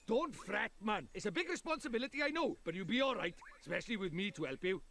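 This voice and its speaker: A man's voice: sits high, lively intonation, quick pace, creaky, sharp tone, heavily acted. An actor playing a boastful, chatty male fairy lord with a Welsh accent in a video game. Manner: sing-song, brash, rambling.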